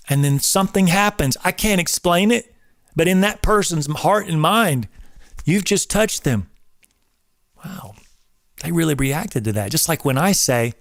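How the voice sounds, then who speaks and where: Man in his forties, emphatic, drill-instructor manner, fairly high voice, dry close sound. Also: animated, a little slow, pauses often, dry recording. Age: 40s. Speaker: host and personal trainer. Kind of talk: casual preaching talk.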